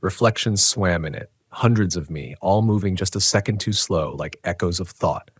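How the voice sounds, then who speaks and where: A man telling a first-person horror story in a tense, dramatic, measured way. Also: low-pitched, breathy edge, dry recording. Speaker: narrator.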